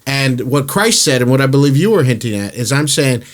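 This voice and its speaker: A man's voice: mid-range voice, expressive, a little fast. Male podcast host, casual, blunt, cusses freely, mid-range voice. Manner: candid and blunt, swears freely, laughs often. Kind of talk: casual chat.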